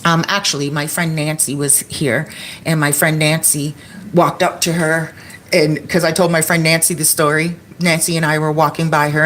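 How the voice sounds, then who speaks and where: Chatty lower-voiced woman telling stories. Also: slight background noise. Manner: chatty, animated retelling with acted-out quotes. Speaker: expat vlogger. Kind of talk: casual storytelling to viewers.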